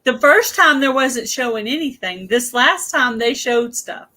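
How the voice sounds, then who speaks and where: Bright-voiced Southern woman hosting a livestream. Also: high-pitched, lively intonation, unhurried. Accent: Southern American. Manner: laughing, flustered, exclaiming. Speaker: livestream host. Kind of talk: casual live chat.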